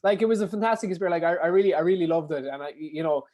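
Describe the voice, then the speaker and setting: A man with a Kerry Irish accent telling stories as a podcast guest, animated and swearing casually. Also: fairly high pitch, racing. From Ireland. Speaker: podcast guest, endurance athlete. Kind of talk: casual storytelling.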